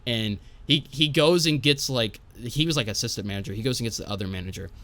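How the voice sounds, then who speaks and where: A man's voice: medium pitch, fast, fairly bright tone. A young man, a podcast guest, telling a casual story in a rambling, profane way and tagging his lines with "right?".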